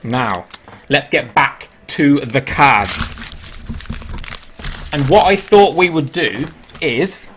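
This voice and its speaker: An Englishman hosting a live stream, talking in a loose, chatty way at an ordinary middle pitch. He answers viewers' questions aloud as he goes and laughs easily at himself. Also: expressive, drawn-out words, long pauses, fairly bright tone, slight background noise. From England. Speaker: livestream host. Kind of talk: casual live-stream chat.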